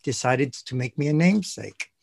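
A man's voice: medium pitch, lively intonation, moderate pace, creaky, husky. Easygoing man from the US Midwest. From Indiana, US Midwest. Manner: easygoing, laughing, anecdotal. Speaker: podcast guest. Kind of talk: casual interview.

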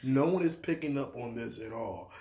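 A man's voice: mid-range voice, moderate pace, warm tone, reverberant. A man, a pastor and podcast co-host, telling a story in casual chat and acting out the voices of people he quotes.

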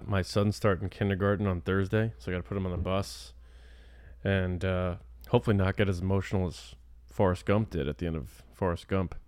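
Man, 30s, smooth resonant voice, dry close sound, chatty enthusiastic podcast host. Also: deep voice, darkish tone, no room sound. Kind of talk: casual podcast chat.

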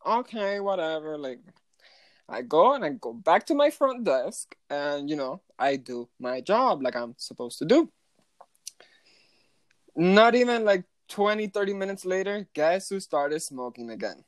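A young adult telling a story from night shifts at a hotel front desk, animated and swearing, with many "like" fillers and some Spanish phrases. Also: medium pitch, a little slow, no room sound. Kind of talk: casual storytime vlog.

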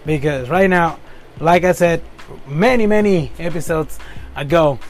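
A high-voiced man with a Spanish accent delivers an earnest motivational talk, stopping to rephrase and checking in with his listeners. Faint music plays underneath. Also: measured pace. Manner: earnest, rephrases himself often, ends points with "okay?". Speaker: podcast host. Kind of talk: motivational monologue.

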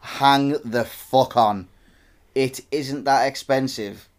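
A man's voice: medium pitch, fairly even intonation, slow. A man co-hosting a podcast, talking in casual, sweary, mock-outraged banter. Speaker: podcast co-host. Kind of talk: casual chat.

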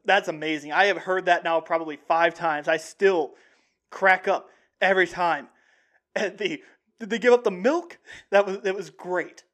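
A young man hosting a sports show, talking casually and excitedly in a rambling way with many restarts. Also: on the high side. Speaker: sports podcast host. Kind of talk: casual sports talk monologue.

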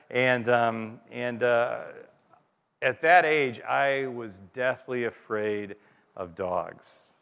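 Gravelly-voiced pastor in a reverberant church. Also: male voice, medium pitch, fairly bright tone. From United States. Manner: earnest storytelling, repeating words as he goes. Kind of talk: sermon with a closing prayer.

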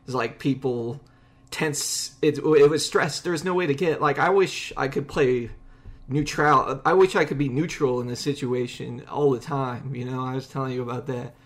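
A man hosting a podcast in casual conversation, rambling and animated, with many restarts. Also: mid-range voice, moderate pace. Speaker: podcast host.

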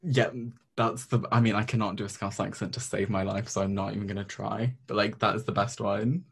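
A young man with a husky, fairly low voice and a muddled accent that blends Scottish, American and English. He chats casually as a guest and fills his talk with "like.". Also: steady tone, brisk. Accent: mixed Scottish, American and English. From Scotland. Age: young adult. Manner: chatty, says "like" often. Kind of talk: casual chat.

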